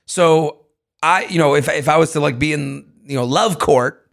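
Man, podcast co-host, slightly high and gravelly voice, rambling and jokey. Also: moderate pace, a bit bright. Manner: rambling, restarts, joking asides, laughs easily. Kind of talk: casual chat.

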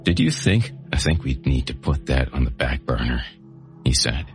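Very deep-voiced man narrating gritty horror. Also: moderate pace, soft background music. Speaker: host and narrator. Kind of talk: audiobook narration of a horror novel.

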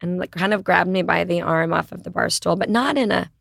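Middle-aged woman, podcast guest, slight vocal fry, dry close mic, animated raconteur. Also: on the low side, brisk, no echo. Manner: animated storyteller, acts out quoted dialogue. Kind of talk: casual storytelling chat.

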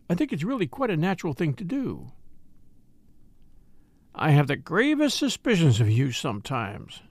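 A man narrating a classic mystery novel and voicing each character in turn. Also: no room sound. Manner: lifts his pitch for women's lines. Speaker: audiobook narrator.

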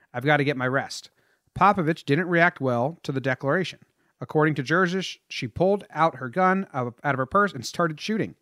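A man's voice: a little high, fairly bright tone, no echo. A man with a slightly raised voice tells a prepared story on a casual podcast, breaking off now and then to chat and laugh with his co-host. He is recorded close and dry, with no room sound.

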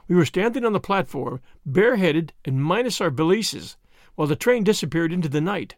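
Man, audiobook narrator, high voice, dry close recording, expressive storytelling. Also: a little fast, no room sound. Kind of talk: scripted narration of a detective story.

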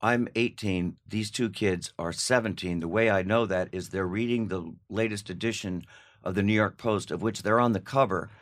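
An older man, a guest actor, telling candid anecdotes in an interview, animated and laughing, slipping into voiced quotes. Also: fairly low pitch, moderate pace.

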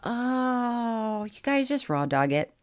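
Woman, co-host, casual podcast chat, giggly, animated pitch, quirky emphasis. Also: takes it slowly. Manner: giggly, reads listener mail with odd emphasis.

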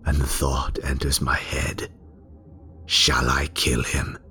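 A male narrator giving a theatrical first-person story reading, lingering on words and dropping into hushed whispers. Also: a bass voice, flat delivery, slow pace, soft background music.

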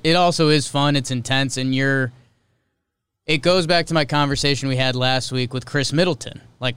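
A man hosting a casual sports podcast, reading off game scores in quick, clipped bursts with loose, offhand commentary in between. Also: mid-range voice, a bit bright, clean tone. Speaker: podcast host.

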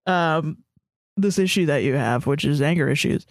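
A woman's voice: sits low, normal speed, no room sound, studio quality. A woman co-hosting a podcast, telling blunt, profane stories in casual chat. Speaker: podcast co-host.

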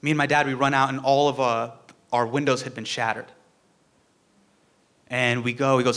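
A man's voice: mid-range voice, level tone, normal speed, long pauses, a bit bright. A young man giving a heartfelt tribute speech, telling a personal story and acting out the quotes.

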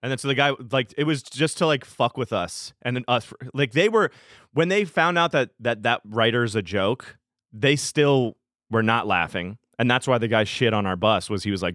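A man's voice: medium pitch, moderate pace, fairly bright tone, dry recording, studio quality. A man who tours as a DJ, chatting casually as a podcast guest and telling rambling, profane stories. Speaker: touring DJ guest.

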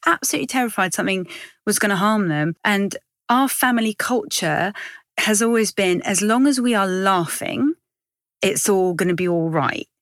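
A woman's voice: mid-range voice, lively intonation, moderate pace, no echo, studio quality. A woman in her forties, a comedian from Iran, talking candidly and rambling a little in a casual interview. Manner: chatty, candid, rambling with self-corrections. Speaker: comedian guest.

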